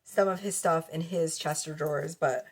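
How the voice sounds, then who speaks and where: A woman's voice: deep voice, steady tone, normal speed, noisy background. Profane, blunt woman doing a tarot reading. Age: adult with children. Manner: profane, blunt, laughs often. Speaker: tarot reader. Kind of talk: casual tarot reading to camera. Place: cluttered bedroom at home. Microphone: camera mic.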